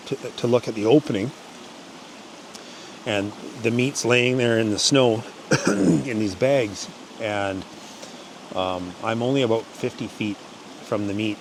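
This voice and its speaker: This man speaks on the low side over slight background noise. Addressing the camera on his channel, he tells hunting tales in a loose, rambling way, starting over often and shouting in the quoted bits.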